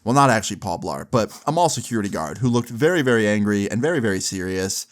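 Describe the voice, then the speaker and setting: A young man in his twenties telling a comic story in a casual, animated way, with frequent swearing. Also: fairly low pitch, quick pace.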